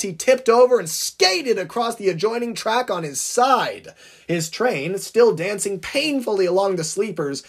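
A man reads his own fan-made story aloud with dramatic, swooping narration. His voice is somewhat high and husky. The pitch moves in a lively, animated way.

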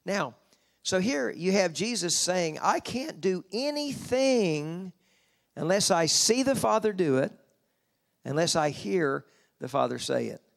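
A man preaching a sermon at a convention, slowing down for scripture and rising in pitch to stress his points. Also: lively intonation, vocal fry. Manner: slows down to read scripture, rises in pitch for emphasis. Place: convention hall.

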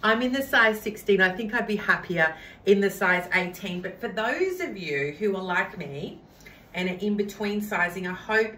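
A woman's voice: medium pitch, a bit bright, reverberant, recorded from a distance, a little hiss or hum, low-quality recording. A woman, enthusiastically trying on clothes for viewers she calls friends. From Australia. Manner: gushing, addresses viewers as friends. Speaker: fashion try-on vlogger. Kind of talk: clothing try-on haul.

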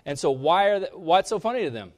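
A man's voice: sing-song, quick pace. Man preaching with surging emphasis. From Kansas. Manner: preaching with big swings in pitch and loudness, rising sharply on key points. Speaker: pastor. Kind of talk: sermon.

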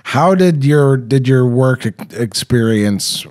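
A man hosting a casual interview, speaking in a relaxed, halting way. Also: mid-range voice, dry recording, clean studio sound. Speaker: host.

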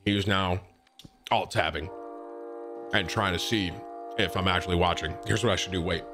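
A young man streaming, chatting casually and excitably over gameplay while eating. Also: low voice, normal speed.

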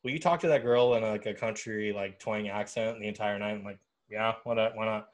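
Loose, swearing young Midwestern host. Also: male voice, lowish voice, steady tone, a little fast. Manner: loose, swears casually, asks questions. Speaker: podcast host. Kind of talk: casual chat.

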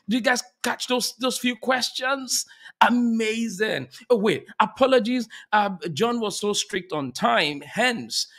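A man's voice: high voice, fairly bright tone. A male conference host, emotional, exclaiming and laughing as he speaks to his online audience. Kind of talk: live-stream hosting.

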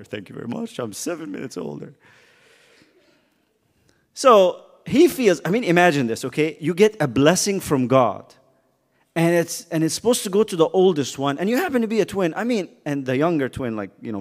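Brief: man, youth Bible teacher, lively swooping pitch, playful and quizzing, slightly high voice, church hall reverb. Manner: animated, joking, quizzes the kids. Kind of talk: casual youth Bible lesson.

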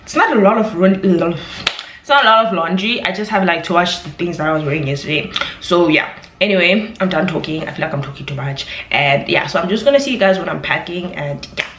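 A woman's voice: fairly low pitch, animated, a little fast, fairly bright tone, slight background noise. Chatty woman in an echoey room. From South Africa. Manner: rambling, filler-heavy, chatty. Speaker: vlogger. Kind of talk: casual chat to camera. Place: at home indoors.

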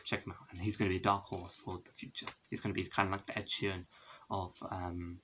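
A man's voice: low-pitched, level tone, fast talker, fairly bright tone, a little hiss or hum, rough recording. A young man chatting casually at home as he shows his CD collection, rambling with many fillers and self-corrections. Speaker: vlogger. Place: indoors, a room at home with a window.

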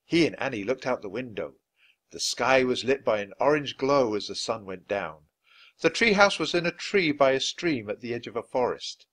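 Male storybook reader, clear and steady, expressive mid-pitched voice with a lot of pitch movement. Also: normal speed. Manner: clear, steady reading at natural speed for learners. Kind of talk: reading a children's book aloud.

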